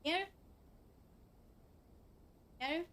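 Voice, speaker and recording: A woman's voice: drawn-out words, a bit bright, no echo. A young woman streaming from her computer at home, chatting casually, swearing freely and cooing at her cats. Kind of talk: casual chat.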